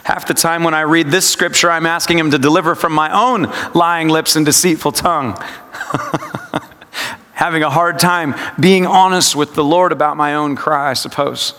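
A man giving a devotional sermon, speaking slowly and reflectively and repeating scripture lines with shifting emphasis. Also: on the high side, pushed and bright. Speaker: pastor. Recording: long reverb, hall-like.

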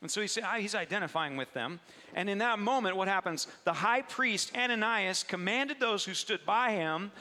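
A man preaching to a congregation in a church hall, his voice high-pitched and forceful. He keeps it conversational, pausing to ask the room questions, and a long reverb trails behind each phrase. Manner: conversational, asks the audience questions. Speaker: pastor. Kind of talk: preaching sermon.

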